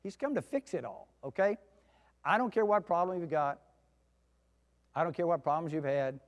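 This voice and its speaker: A man preaching a sermon in a folksy storytelling way, with soft asides and loud outbursts. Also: fairly high pitch, lively intonation, normal speed, muffled recording. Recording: long hall reverb.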